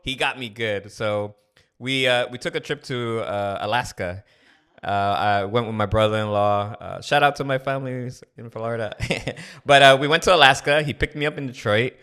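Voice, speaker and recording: A middle-aged man hosts a casual podcast, his voice bright and forward. He tells stories loosely, with plenty of "uh" and "like" between the beats, and his tone stays smooth and resonant. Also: mid-range voice, normal speed. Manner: rambling, filler-heavy storytelling. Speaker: podcast host. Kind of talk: casual storytelling chat.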